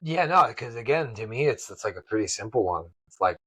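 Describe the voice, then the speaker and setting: A man's voice: medium pitch, expressive, a little fast, pushed and bright, slightly rough, no echo, low-quality recording. A man co-hosting a podcast in a blunt, joking way, swearing casually. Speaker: podcast co-host. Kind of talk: casual chat.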